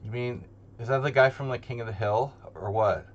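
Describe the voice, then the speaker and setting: Streaming live online chess from a home setup, a man thinks aloud as he plays, joking and muttering to himself. His voice is medium-pitched and fairly quick, and the audio is dull.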